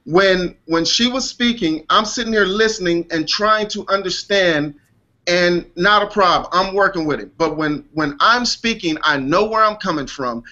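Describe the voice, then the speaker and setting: A man's voice: sits high, normal speed, sharp tone, muffled recording. A man in a heated casual debate on a video call, insistent and defensive, repeating his point. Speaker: panelist in an online discussion.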